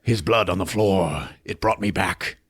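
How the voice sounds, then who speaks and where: A man voicing a weak, slimy undead man who pleads for help in a slow, low, gravelly drawl. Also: a bit bright, no echo, studio quality, exaggerated voice. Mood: pleading. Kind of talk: comic movie recap impression.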